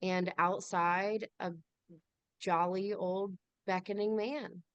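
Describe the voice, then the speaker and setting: A woman narrating as game master of a tabletop game, unhurried and full of pauses. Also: medium pitch, steady tone, smooth, no room sound, dull audio. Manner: unhurried, with many fillers and pauses. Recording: dry, with faint music behind.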